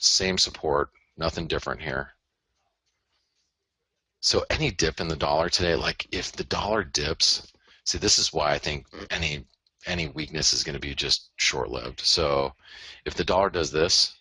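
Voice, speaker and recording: A man's voice: very deep voice, vocal fry, sharp tone, husky, no echo. A man hosting a live currency-market analysis broadcast, rambling, self-interrupting and joking as he goes through his charts. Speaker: host and currency trader.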